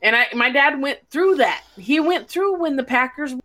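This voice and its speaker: Brash, bright-voiced woman cussing freely. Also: high voice, normal speed. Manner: blunt, profane, animated storytelling. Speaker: podcast host. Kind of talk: casual chat.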